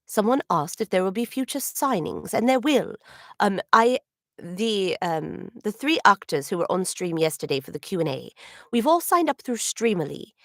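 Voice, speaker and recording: Very animated and mid-range in pitch, a woman voice actor chats at a moderate pace with viewers while drawing on a livestream signing. The sound is dry and clean, as from a studio, and she speaks politely with slightly formal phrasing, frequent small laughs, and throat clearing.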